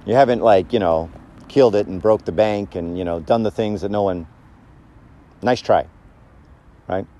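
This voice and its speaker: A man's voice: on the low side, moderate pace, dark tone, lo-fi sound. A man giving a casual, conversational sermon, joking and asking the audience questions. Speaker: church speaker.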